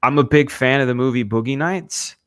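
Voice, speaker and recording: A man co-hosting a casual streamed chat, rambling in an animated way and filling his talk with "you know". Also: mid-range voice, brisk, smooth, no echo. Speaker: co-host and storyboard artist.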